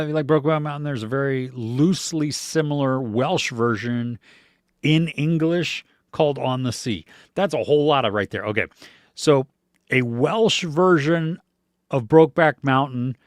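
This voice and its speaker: Slow, laid-back American man chatting. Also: medium pitch, no echo, studio quality. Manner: relaxed, rambling, with many fillers and small laughs. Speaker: podcast host reading viewer comments. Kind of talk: casual chat.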